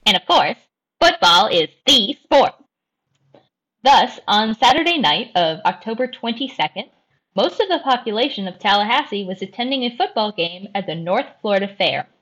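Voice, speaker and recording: A woman hosting a podcast and telling a true crime story in a careful, measured way. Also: medium pitch, big pitch swings, a bit bright, poor audio. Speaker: host.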